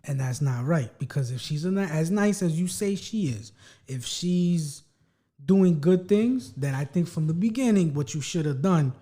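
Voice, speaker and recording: A man co-hosting a podcast talks bluntly and teases his friend, swearing freely. His voice sits a little high but sounds mellow and relaxed. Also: measured pace. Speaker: podcast co-host. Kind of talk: casual chat.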